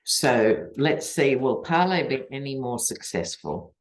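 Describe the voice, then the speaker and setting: A woman's voice: a bass voice, very animated, a little slow. A woman with an Australian accent doing a tarot reading and talking to camera in a chatty, digressive, wry way. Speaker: tarot reader and political commentator. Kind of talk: casual chat to camera.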